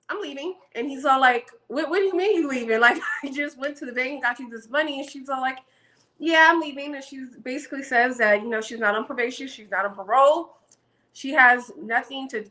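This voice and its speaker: A woman's voice: fairly high pitch, pushed and bright, low-quality recording. A woman casually recapping a reality show for her channel, chatty and gossipy with frequent ums.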